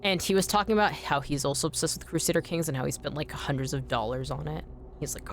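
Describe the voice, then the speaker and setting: A woman streamer chatting casually while playing a game, rambling with many fillers, swearing freely and breaking into sudden excited outbursts. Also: low-pitched, quick pace, faint music behind. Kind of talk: casual live gameplay chat.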